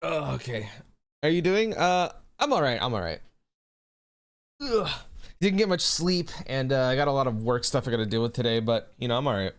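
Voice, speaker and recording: A man's voice: medium pitch, lively intonation, brisk. A young man, a streamer chatting casually and reading chat aloud, loose and laughing, swearing freely. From United States.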